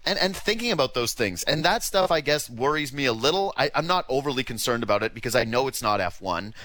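A Canadian man co-hosts a sports radio show with an ordinary, mid-range voice. He argues in quick, animated bursts and slips into imagined quotes. It is casual studio talk. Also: medium pitch, dry recording.

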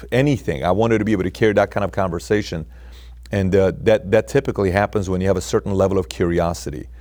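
Low-voiced man telling stories as a guest. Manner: animated storytelling, repeats words and restarts. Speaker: podcast guest. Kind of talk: interview conversation.

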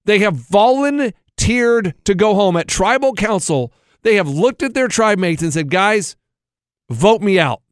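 A man cohosting a radio show, telling a story in animated, incredulous casual banter. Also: sits high, a little slow, clean tone, no echo, clean studio sound.

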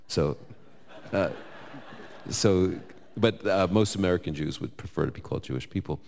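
A man with a New York accent fields Bible questions before a live audience. His voice is very low, and he mixes scripture quotes with casual asides. A long hall reverb trails each phrase. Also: moderate pace, pauses often. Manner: conversational, lively, quotes scripture, jokes.

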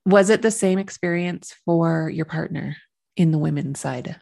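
Female host, lowish gravelly voice, responsive with quick affirmations. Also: mellow. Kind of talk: interview listener.

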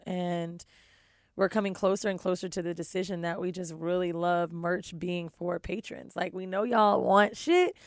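A woman's voice: lowish voice, no echo. Woman podcast co-host, blunt and cussing, dry close sound. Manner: blunt, profane, laughs often. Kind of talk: casual podcast chat. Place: studio with guests.

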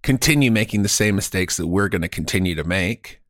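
Male podcast co-host, lower voice that swings widely, dry close sound, goofy improv. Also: expressive, brisk, fairly bright tone, dry recording. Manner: goofy, riffing, bursts of silly impressions. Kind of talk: improvised comedy banter.

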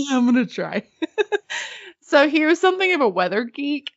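A woman's voice: high-pitched, big pitch swings, normal speed, long pauses, muffled recording, faint music behind. Giggly, chatty woman podcast host. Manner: chatty and giggly, swears casually. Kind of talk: casual chat.

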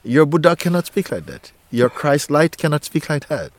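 A male spiritual teacher speaking to a listener in a gentle, playful way, laughing often and using nonstandard English grammar. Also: fairly high pitch, very animated, normal speed, no room sound. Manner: gentle, playful, laughs often, repeats "you see" and "huh".

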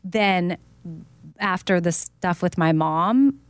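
A woman's voice: lowish voice, lively intonation, slow, clear, resonant tone, no echo. A woman co-hosting a talk show, sharing a personal story in an open, reflective, casual way. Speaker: co-host. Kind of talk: candid casual chat.

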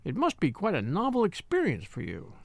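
Man voicing a dry shrewd doctor's wife, raised pitch, lively. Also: normal speed, gravelly, no echo, heavily acted.

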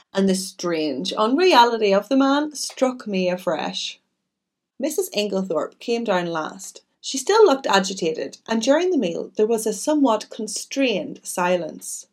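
A woman reading a classic novel aloud and adding chatty asides. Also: mid-range voice. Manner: expressive, chatty. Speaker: audiobook narrator.

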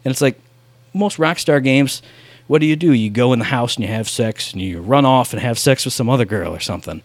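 A man's voice: medium pitch, brisk, no room sound. A man rambling in casual chat about video games, with lots of filler words.

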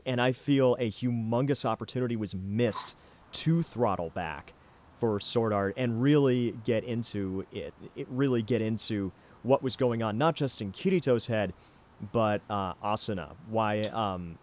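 A man on a podcast who talks at an even, middling pitch. He rambles through his thoughts with a lot of ums, uhs and restarts. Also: a little hiss or hum. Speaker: podcast host. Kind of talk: casual anime discussion.

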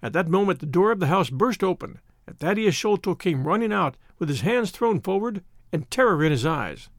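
A man narrates a classic story in an expressive, dramatic audiobook style. His voice sits fairly high and moves a lot in pitch. The recording is close and dry. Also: moderate pace, no room sound.

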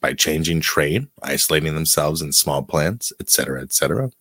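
Male podcast co-host, low and dry, casual talk with halting read-alouds. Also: expressive, fairly bright tone, husky, dry recording. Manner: reads text aloud haltingly, stumbling on words. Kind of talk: casual political podcast chat and reading aloud.

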